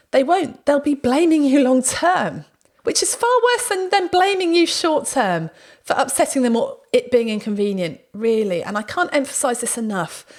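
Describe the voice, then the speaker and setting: A woman hosts a podcast in a casual, chatty way, with a voice sitting a little high. She tells stories with energy and slips into other people's voices when she quotes them. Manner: lively storytelling, acts out quoted speech. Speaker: podcast host. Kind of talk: casual talk and anecdote.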